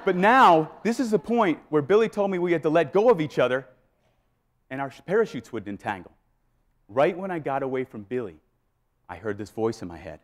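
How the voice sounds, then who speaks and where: Male keynote speaker, fairly high voice, animated live storytelling. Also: fairly quick. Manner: animated, acts out scenes and voices. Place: live event before an audience.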